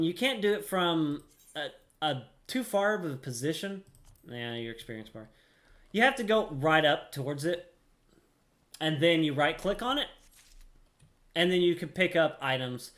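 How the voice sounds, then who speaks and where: A gamer giving let's-play commentary, explaining game controls with deadpan, self-mocking asides. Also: mid-range voice.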